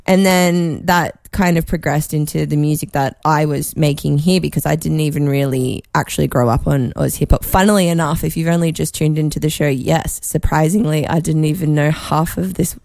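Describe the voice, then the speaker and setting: A woman's voice: sits low, fairly even intonation, moderate pace, vocal fry, hardly any pauses, darkish tone, no room sound. A woman from Australia hosting a radio show, telling long-winded stories in a casual on-air chat. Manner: chatty, long-winded storytelling.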